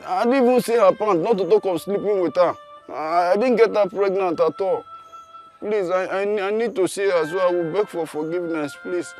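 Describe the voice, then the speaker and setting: A man's voice: high voice, normal speed, a little mellow, soft background music, natural voice. An actor with a Nigerian English accent playing a stammering young man who pleads and complains. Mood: pleading.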